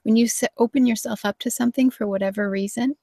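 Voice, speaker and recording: Host: middle-aged woman, gushing live-show chat, gravelly low edge, dry close sound. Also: steady tone, fast talker, warm tone, no room sound. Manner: enthusiastic, gushing, acts out quotes. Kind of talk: live wellness show conversation.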